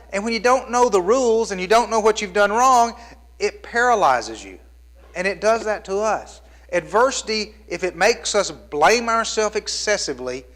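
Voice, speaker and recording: High-voiced man preaching a sermon. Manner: storytelling, shifts between hushed and emphatic delivery. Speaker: pastor.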